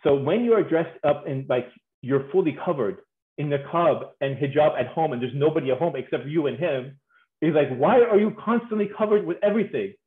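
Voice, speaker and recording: A man giving a humorous conference talk on marriage, animated and playful, acting out voices and laughing often. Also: fairly high pitch, normal speed. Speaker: speaker on marriage. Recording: tinny phone-like sound in an echoey room.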